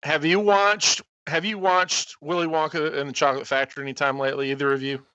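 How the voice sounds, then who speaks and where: A man's voice: fairly high pitch, steady tone, a little fast, sharp tone, clear, resonant tone, dry recording, dull audio. A man co-hosting a movie podcast, asking eager questions in casual chat. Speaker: podcast co-host.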